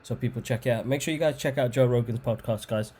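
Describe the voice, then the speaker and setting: A man's voice: medium pitch, fast, warm tone. A man hosting a podcast, laid-back and casual, giving short replies and plugging the show's social media. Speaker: podcast host.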